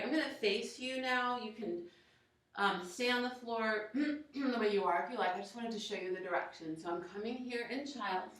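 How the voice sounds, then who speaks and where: Woman, yoga instructor, encouraging, step-by-step cues, heavy room echo, distant mic. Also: mid-range voice. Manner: encouraging, gives steady step-by-step cues and countdowns. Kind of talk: guided workout instruction. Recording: very echoey room, voice from far off.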